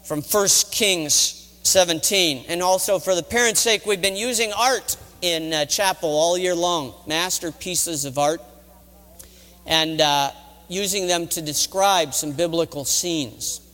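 A man's voice: on the high side, unhurried, bright, forceful tone. A middle-aged man, a college chaplain, retelling a Bible story in a dramatic sermon. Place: college chapel. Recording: reverberant chapel hall.

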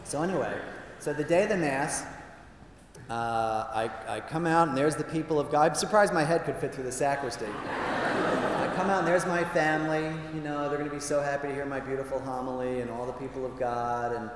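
A man who is a priest, telling self-mocking stories in a chatty way with lively asides during a talk to an audience. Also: medium pitch, brisk, a little hiss or hum. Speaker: Jesuit priest giving a talk. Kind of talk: humorous storytelling talk. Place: large hall with a live audience. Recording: echoey hall from a distance.

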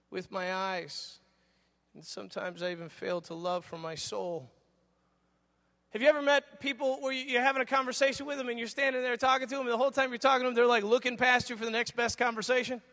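High-voiced middle-aged man preaching a sermon. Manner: animated storyteller acting out dialogue. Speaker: pastor. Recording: long reverb of a large hall.

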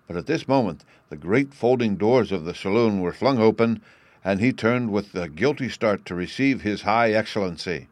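A man reading a classic novel aloud as narrator, in a measured storytelling manner. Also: lowish voice, expressive, no echo.

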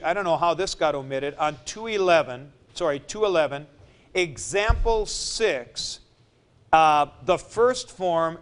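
A man teaching a Greek grammar lesson in a classroom, spelling out word forms deliberately, syllable by syllable. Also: on the high side, clear, resonant tone. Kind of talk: classroom lecture.

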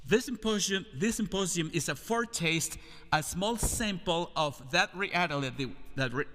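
A man with a Latin American Spanish accent, a native Spanish speaker, preaching an earnest, measured sermon with rhetorical questions. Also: on the high side, sharp tone. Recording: hall reverb.

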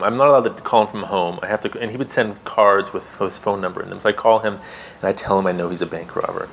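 A man reads from his own memoir in a calm, measured voice that sits on the low side. He grew up in Canada and the United States. A faint background hiss runs under the recording. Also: poor audio. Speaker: author.

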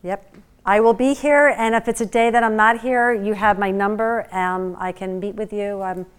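A woman speaks to a class as a guest and tells a story with lively, chatty energy. She leans on fillers and slips into the voices of the people she quotes. Her pitch sits in an ordinary middle range. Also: normal speed, clear, resonant tone. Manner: chatty, with many fillers like "you know" and "like".

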